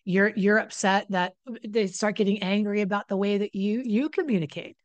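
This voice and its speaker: A woman's voice: mid-range voice, moderate pace, no room sound, lo-fi sound. A woman recovery coach giving blunt, profane advice straight to the camera, often acting out what other people say. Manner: blunt and profane, acts out quoted voices. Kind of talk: direct-to-camera advice talk.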